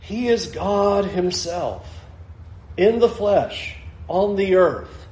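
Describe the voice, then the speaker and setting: High-voiced preacher in an echoey room. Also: male voice, animated, drawn-out words, darkish tone. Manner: preaching with rhetorical questions, acting out voices of the crowd. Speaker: pastor. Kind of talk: sermon.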